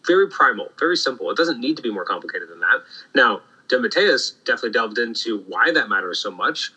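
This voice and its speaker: A man hosting a casual podcast chat about comic books, animated and full of restarts. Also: mid-range voice, fast, slightly rough, low-quality recording. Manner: animated, acts out quoted lines, many restarts. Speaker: podcast host. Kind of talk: casual comic book discussion.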